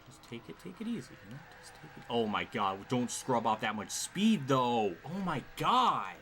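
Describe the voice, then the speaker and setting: A man's voice: medium pitch, big pitch swings, moderate pace, slight background noise. Exasperated man swearing through gameplay. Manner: frustrated, swearing, sighing often. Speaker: streamer. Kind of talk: live gameplay commentary.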